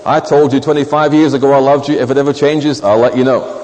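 A man voicing a blunt, unromantic long-married husband in a sermon story, matter-of-fact and brisk. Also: medium pitch, fairly even intonation, a little mellow, natural voice. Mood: dismissive. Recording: long reverb of a large hall.

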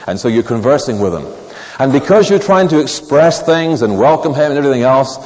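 Measured preacher man in a reverberant hall. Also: lively intonation, darkish tone. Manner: measured, emphatic, drops low on key words; wry asides in storytelling. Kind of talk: sermon with scripture reading. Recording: long reverb of a large hall.

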